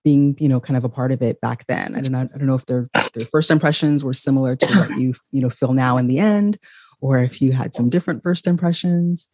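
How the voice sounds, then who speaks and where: Brief: easygoing interviewer, mid-pitched, filler-heavy, dry close recording. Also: brisk, a little mellow, no room sound. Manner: chatty, laughs often, many fillers. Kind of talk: casual video interview.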